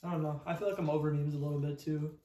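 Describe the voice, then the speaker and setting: A man's voice: a little high, flat delivery, mellow, echoey room. A young man co-hosting a podcast, chatting casually and rambling with lots of fillers. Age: young adult. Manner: quick, rambling, many fillers. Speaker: podcast co-host. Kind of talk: casual chat.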